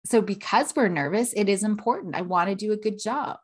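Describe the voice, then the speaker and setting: Podcast host, woman, 30s, chatty and expressive, acts out little quotes, mid-pitched voice. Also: fairly quick, breathy edge. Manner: animated, acts out emotions and quotes with tag questions. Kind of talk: casual teaching monologue.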